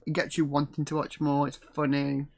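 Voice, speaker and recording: Higher-voiced man chatting casually. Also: fairly quick, gravelly. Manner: relaxed, swears casually. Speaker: host. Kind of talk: casual chat.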